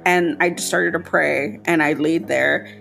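A woman podcast host telling a personal spooky story in casual chat, her voice jumping high when she quotes herself. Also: fairly even intonation, a little slow, vocal fry, fairly bright tone, faint music behind.

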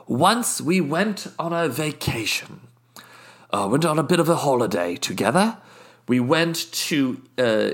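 Man doing a posh, condescending British guest, slow and meandering. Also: mid-range voice, gravelly, a bit bright. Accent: put-on British. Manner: haughty, rambling, condescending. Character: pompous wealthy British male podcast guest. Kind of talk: improvised comedy character.

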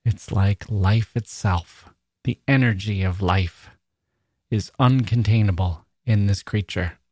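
A man's voice: lowish voice, takes it slowly, a little mellow, husky. A man hosting a literary podcast, talking with enthusiasm about a poem and reading lines aloud with emphasis. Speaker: podcast host.

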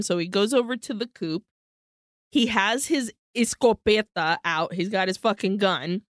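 A woman co-hosting a podcast, retelling a horror film plot in an animated, profane way. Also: mid-range voice, moderate pace, no room sound. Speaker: podcast co-host.

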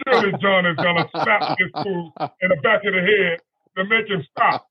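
A man's voice: high-pitched, normal speed, slightly rough, lo-fi sound. A man telling a long anecdote as a guest on a radio talk show, rambling and peppering it with "you know" and "right?". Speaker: guest storyteller.

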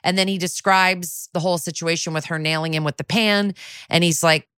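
A woman's voice: on the low side, fairly even intonation, fairly quick, a bit bright, clean tone, no room sound, studio quality. A woman co-hosting a podcast, casually recapping a TV episode in a chatty way, saying "like" a lot and swearing freely. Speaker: podcast co-host.

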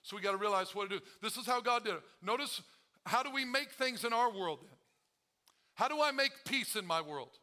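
A man's voice: high voice, lively intonation, a little fast, pushed and bright. A male pastor preaching a sermon to his congregation, calling out to them and acting out the prayers he quotes. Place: church.

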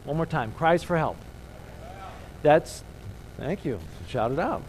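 A man delivers a relaxed, conversational sermon and leads the congregation in call-and-response. His voice sits a touch higher than most men's. Faint background noise lies under the speech. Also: takes it slowly, low-quality recording. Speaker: preacher teaching the congregation.

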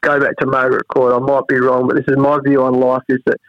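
A man's voice: medium pitch, completely flat delivery, quick pace, no echo. Earnest Australian man, dull dry sound. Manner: earnest, reflective, frequent restarts. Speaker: cricket head coach, guest. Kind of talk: interview conversation.

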